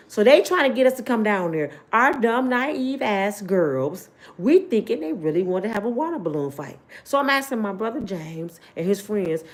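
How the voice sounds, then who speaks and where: A middle-aged woman who tells a personal story casually, in a blunt, animated and slangy way, speaking straight to her viewers. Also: a little high, normal speed, hardly any pauses. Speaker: host telling a personal story.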